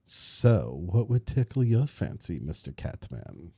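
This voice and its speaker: Fawning innkeeper, low and courtly, put on by a male game master. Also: big pitch swings, slow, creaky, dark tone, slightly rough, no echo, studio quality, exaggerated voice. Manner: lowered, unctuous, courtly.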